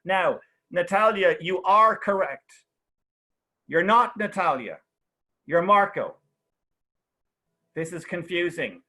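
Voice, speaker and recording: A man's voice: high-pitched, lively intonation, slow, pauses often, pushed and bright. A young man teaching an online English class in a chatty way, explaining with lots of examples and checking in with "okay?" and "right?".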